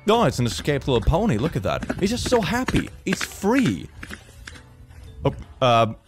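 A man's voice: on the high side, huge pitch swings, normal speed, over music. A young man reading posts aloud and reacting with sarcastic comments, laughing often. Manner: sarcastic, laughs often, puts on silly voices. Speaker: reaction video host.

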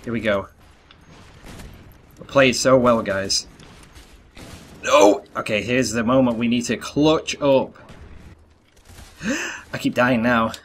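A man's voice: mid-range voice, steady tone, takes it slowly, long pauses. A young man doing live gameplay commentary, talking to viewers and groaning at his misses. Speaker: gaming YouTuber. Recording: faint gunfire and game sounds.

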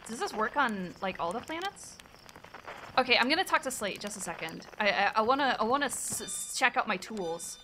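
A woman streamer chats loosely to her viewers as she plays, swearing and a little scattered. Her voice is bright and a touch higher than most. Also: expressive, fairly quick, slight background noise. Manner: scattered, swears, talks to chat. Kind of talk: casual gaming livestream chat.

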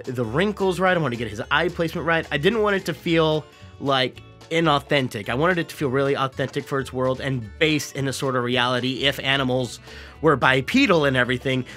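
A man chats casually to his viewers, explaining his process in an upbeat way. His voice is bright and forceful, and faint music plays beneath it. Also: medium pitch. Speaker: YouTube voice actor host. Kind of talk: casual vlog commentary.

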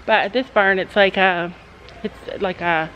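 A mother vlogs at a horse barn in a chatty, encouraging, rambling way, like a casual family vlog. Her mid-range voice is a bit bright, with fairly even intonation and an unhurried pace. The audio is poor, carrying a little hiss or hum.

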